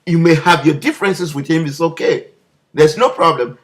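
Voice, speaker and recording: A man's voice: a little high, moderate pace. A man delivering an impassioned political video message, leaning on repeated rhetorical questions. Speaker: political commentator.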